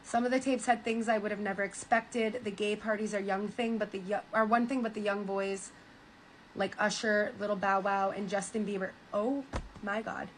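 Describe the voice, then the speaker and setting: A woman's voice: mid-range voice, normal speed, a little hiss or hum, poor audio. Woman streamer reading a story aloud. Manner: animated, reads quotes with stunned asides.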